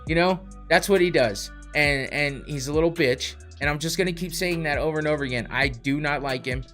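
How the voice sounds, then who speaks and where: Male podcast host, heated profane rant, slightly high pitch, faint background music. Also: a little fast, fairly bright tone.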